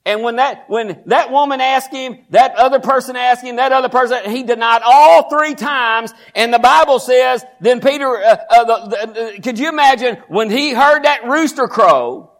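Preacher, man, very high voice, emphatic and folksy, swings between murmurs and shouts. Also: moderate pace, hardly any pauses. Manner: folksy, talks straight to the congregation. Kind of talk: sermon.

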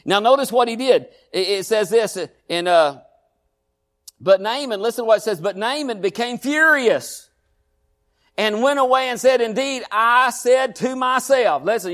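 A pastor preaching a sermon, drawing the congregation in with repeated asides and questions. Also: male voice, sits high, fairly bright tone. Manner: preaching with call-and-response asides, repeated "huh?" and "listen".

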